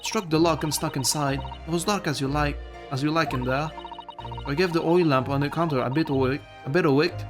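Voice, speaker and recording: A man voicing a blunt, defiant young street girl from London, with a put-on working-class English accent and rough, slangy speech. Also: a little high, fairly quick, over music, natural voice. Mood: recounting.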